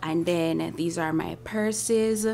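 Woman vlogger, husky and sleepy, chatty and casual. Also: lowish voice, slow pace, dark tone, a little hiss or hum. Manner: chatty, shows items to camera. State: just woke up, tired. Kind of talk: casual travel vlog.

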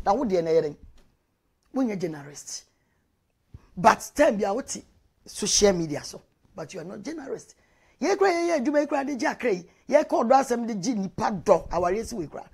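Ghanaian auntie type giving marriage advice, husky breathy voice, keeps repeating words for emphasis, drops english phrases in. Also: female voice, a little high, a little mellow. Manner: mixes Twi with English phrases. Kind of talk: advice monologue to viewers.

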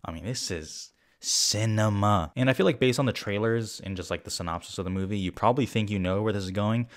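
A young man giving a casual, rambling film review. He is excitable and swears often. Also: lowish voice, brisk. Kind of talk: casual spoken movie review.

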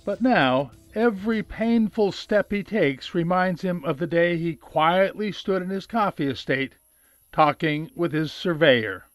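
A man with a notably high voice reads documentary narration in a measured, explanatory way. Clear music plays under his words. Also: expressive, dry recording.

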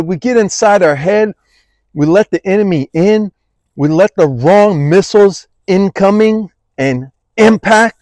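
High-voiced fervent preacher man. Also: darkish tone, no echo, rough recording. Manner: impassioned, repeats phrases, says y'all. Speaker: devotional preacher. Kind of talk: fervent devotional sermon.

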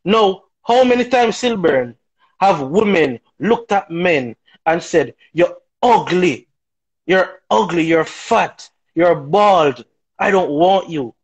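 A man speaks as a talk show guest, his voice pitched high with a husky edge. He argues his views emphatically, piling up rhetorical questions. The delivery is opinionated and forceful. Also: animated, slow pace, low-quality recording. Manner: emphatic, rhetorical, keeps asking "right?".

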